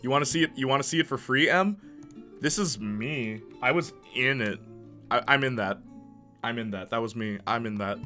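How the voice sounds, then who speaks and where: A man's voice: medium pitch, moderate pace, bright, forceful tone, soft background music. A young man casually chatting with his live-stream audience, often stammering, repeating words and laughing between remarks.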